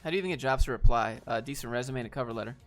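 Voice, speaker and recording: Young male streamer, casual and blunt, middle pitch, faint music underneath. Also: racing, fairly bright tone. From Georgia, US. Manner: laid-back, reads viewer questions aloud and answers bluntly, says dude. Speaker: streamer answering chat. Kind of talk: casual livestream chat.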